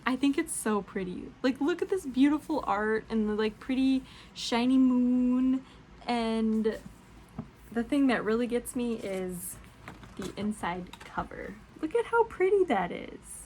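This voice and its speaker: Young female booktuber, chatty and gushing, slightly high voice, faint hiss behind. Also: a little mellow. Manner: gushing, chatty, laughs often. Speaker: book vlogger. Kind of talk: casual book tag chat.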